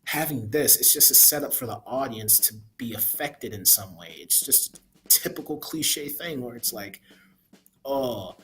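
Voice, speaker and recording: A man of middle pitch rants casually through a spoiler review of a movie. He rambles and restarts, blunt and opinionated, often tacking "man" onto his sentences. Faint noise sits under his voice. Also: expressive, normal speed, bright, forceful tone.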